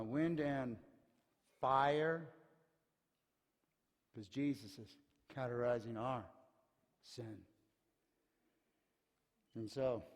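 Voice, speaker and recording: A male pastor preaching a sermon. He tells stories with energy, acts out the quotes, and often drops to a hushed tone to stress a point. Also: a little high. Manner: lively storyteller who acts out quotes, often dropping to a hushed tone for emphasis. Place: church sanctuary. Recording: long hall reverb.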